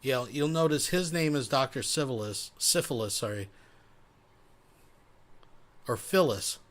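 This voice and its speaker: Male reaction host, mid pitch, deadpan sarcasm with a lot of swearing. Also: measured pace. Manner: sarcastic, profane asides. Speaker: commentary host.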